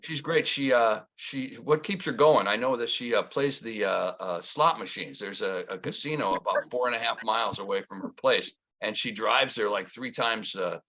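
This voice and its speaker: A man in his sixties from Wisconsin, doing a rambling stand-up set with lots of halting pauses and restarts. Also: lowish voice, pushed and bright. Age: 60s. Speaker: stand-up comedian.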